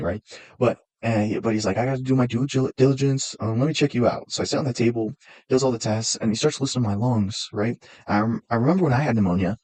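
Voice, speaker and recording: A man's voice: fairly low pitch, darkish tone, husky, no echo. A young man and college student telling a long personal story casually, rambling with restarts. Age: young adult. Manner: rambling, lots of fillers and restarts.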